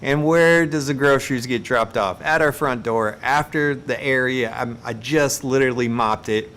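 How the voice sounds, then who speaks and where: A man chats on his live stream in a mid-range voice, spinning everyday mishaps into comic stories. His delivery is animated and self-mocking, with laughs slipping in between lines. A faint low rumble sits under the voice. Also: normal speed. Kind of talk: casual storytelling on a live stream.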